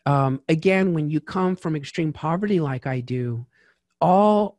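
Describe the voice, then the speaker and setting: Man, tax strategist guest, casual chat, lively asides, dry recording. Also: a little high, a little slow, no room sound. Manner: lively, chatty, full of asides and fillers.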